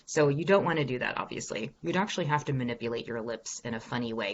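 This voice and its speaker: A woman's voice: extremely low pitch, fast talker, hardly any pauses, slight background noise. A woman voice coach leads an online workshop Q&A, upbeat and encouraging as she walks listeners through exercises. Her voice comes through a video call with a slightly muffled, lo-fi sound. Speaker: executive voice coach.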